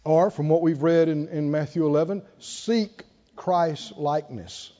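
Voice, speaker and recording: This preacher's voice sits on the high side, mellow and at a measured pace. Speaking at a conference in a church or hall, he keeps his sermon conversational, frequently laughing and asking the congregation questions, while the audio comes across dull and reverberant.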